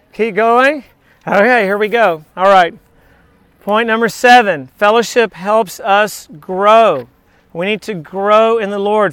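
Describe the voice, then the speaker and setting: A man's voice: high-pitched, a bit bright, clear, resonant tone, no echo. A male pastor giving a casual, anecdotal sermon at an outdoor beach church, chatting with frequent asides to the congregation.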